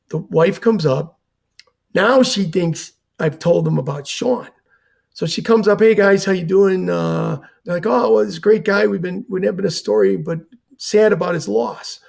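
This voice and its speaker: A man's voice: a little high, creaky, a little mellow. An older man, a retired fire chief, telling a personal story in an earnest way and acting out the dialogue he quotes. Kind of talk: storytelling in a conversation.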